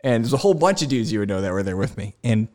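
A man's voice: lowish voice, big pitch swings, very fast, darkish tone. A man hosting a casual podcast chat, telling a story about learning to land on a carrier, acting out quoted dialogue and laughing often. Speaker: podcast host, former carrier pilot.

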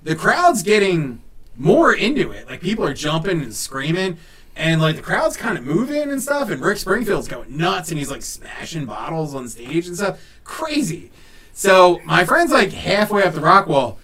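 A man casually telling a funny story on a podcast, animated, laughing and swearing often. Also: high-pitched, moderate pace.

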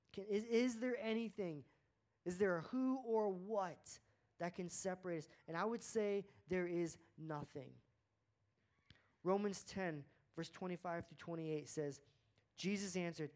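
A man's voice: sits high, a little slow, a little mellow. Earnest conversational male preacher. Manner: conversational preaching, earnest, with repeated words and phrases. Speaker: pastor. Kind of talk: sermon.

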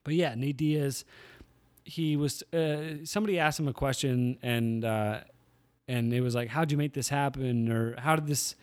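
On his own podcast, an unhurried man with a medium pitch and steady tone chats casually. His storytelling rambles, and he corrects himself often.

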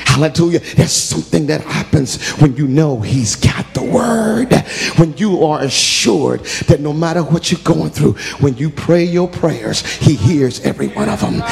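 A man preaching a sermon as a story, emphatic, with call-and-response and rising to shouts. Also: on the high side, animated, unhurried, gravelly.

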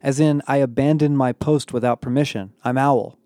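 A man's voice: medium pitch, steady tone, normal speed, mellow, dry recording, natural voice. A man voicing a haughty, impatient male alien in an audiobook, sarcastic and superior. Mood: condescending. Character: arrogant condescending male alien.

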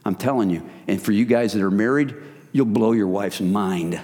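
A man's voice: on the low side, moderate pace, a little mellow. A man preaching a sermon to a men's group, emphatic and exhorting, who keeps calling his listeners guys. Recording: long hall reverb.

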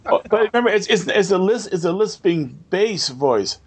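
A man's voice: high-pitched, animated, moderate pace, breathy edge. A man co-hosting a casual roleplaying-game chat, earnestly reminding others of the setting details.

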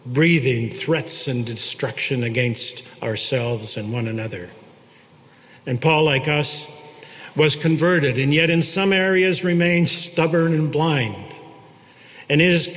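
A man preaching a sermon, slow and reflective, with long pauses between phrases. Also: fairly high pitch, fairly bright tone. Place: church. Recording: long church reverb.

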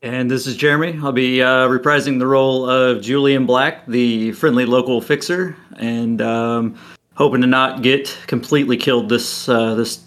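Man, tabletop player, hesitant, good-humored, mid pitch. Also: fairly bright tone. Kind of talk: casual chat.

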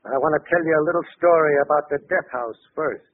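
A man's voice: on the high side, slight background noise, lightly acted. Carnation Charlie, a man playing a vengeful gangster back from death. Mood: menacing. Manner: slow, taunting, cold. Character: vengeful male gangster back from the electric chair. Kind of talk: 1940s radio acting. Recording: tinny old radio broadcast.

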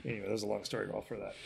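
A man's voice: medium pitch, vocal fry, pushed and bright. A man chatting casually on a podcast, telling a rambling story full of fillers, restarts and swearing. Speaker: podcast co-host. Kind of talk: casual chat.

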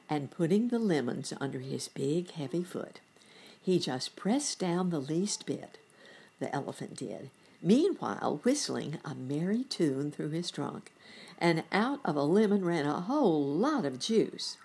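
Woman storyteller, low husky voice, very lively melody, chatty asides to children. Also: measured pace. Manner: gentle, chatty asides to the listener. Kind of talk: reading a bedtime story to children.

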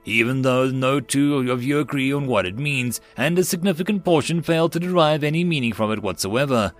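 Brief: man reading as a stiff, literal alien envoy, precise and flat, mid-pitched, faint music behind. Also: fairly quick, natural voice. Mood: formal, literal. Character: literal-minded formal male alien diplomat.

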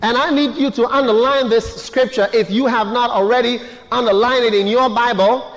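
A man with a strikingly high voice preaches a sermon, pressing his congregation with repeated questions. His words ring out through a large church hall, trailing a long reverb. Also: steady tone, normal speed. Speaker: pastor.

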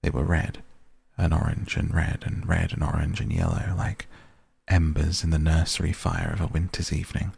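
A man voicing a faint, sad ghost child from long ago, speaking in a hushed, wistful, old-fashioned way. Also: low voice, fairly even intonation, unhurried, gravelly, breathy edge, no room sound, heavily acted.

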